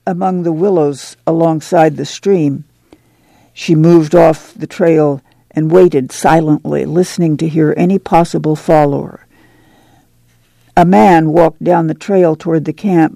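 A man narrating an audiobook in a measured, even storytelling manner. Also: on the high side, creaky, dry recording.

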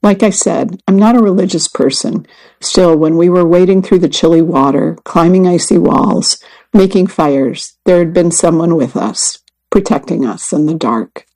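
Woman reading aloud with vocal fry. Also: on the low side, poor audio. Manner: even, measured reading. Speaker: reader. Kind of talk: scripted narration of a magazine story.

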